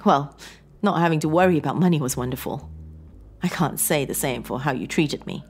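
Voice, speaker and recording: A woman voices a tearful wife in a horror story, pleading and hurt as she faces her divorce, her delivery emotional and shaky. Her voice is low, brisk and gravelly, with soft music in the background.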